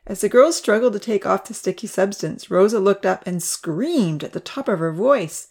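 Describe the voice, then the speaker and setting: A woman narrating a children's story aloud with an expressive, dramatic delivery. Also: mid-range voice, normal speed, few pauses, breathy edge.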